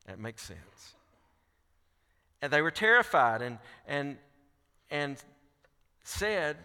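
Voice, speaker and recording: A man delivers a sermon from the pulpit of a large church. His voice is bright and crisp. It carries a long hall reverb as he reads scripture and presses his questions. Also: a little high, sing-song, takes it slowly, long pauses. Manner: reads scripture aloud, then presses questions with rising intensity. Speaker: pastor.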